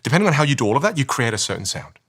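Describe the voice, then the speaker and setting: A man's voice: medium pitch, big pitch swings, racing, fairly bright tone, breathy edge. A man who coaches communication, explaining with energy and emphasis in a podcast interview and often asking rhetorical questions.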